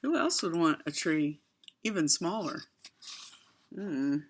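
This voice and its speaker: A woman reading a children's picture book aloud, expressive, with chatty asides to her young listeners. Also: low-pitched, slow pace, husky. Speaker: storyteller.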